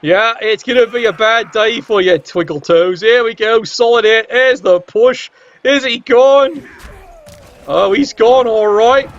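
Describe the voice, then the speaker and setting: A man's voice: sits high, measured pace, few pauses, a little hiss or hum. A man giving cheeky match commentary on a video game, full of wry asides and casual swearing. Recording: dull lo-fi sound.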